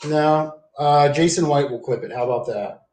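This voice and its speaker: Man, fairly high voice, livestream rant, rambling, heavy swearing, casual. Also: moderate pace, darkish tone. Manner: rambling, profane, keeps saying dude.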